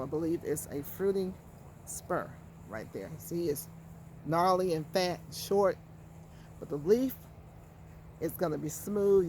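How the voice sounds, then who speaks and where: A woman's voice: fairly low pitch, warm tone, a little hiss or hum. A woman hosts a casual how-to vlog from her backyard garden, chatting straight to viewers and repeating words for emphasis. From Georgia, USA. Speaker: gardening channel host.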